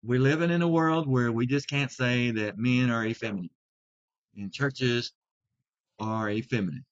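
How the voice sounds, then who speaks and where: Delivering a measured video Bible lesson, a man with a mid-range voice hits important words with strong emphasis. The audio is somewhat dull and lo-fi.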